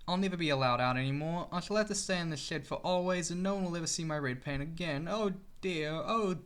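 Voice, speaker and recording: A man's voice: on the high side, quick pace, a bit bright, smooth, lightly acted. A man voicing a proud young red male steam engine that puffs along, fretful one moment and determined the next. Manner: puffing, fretful then determined.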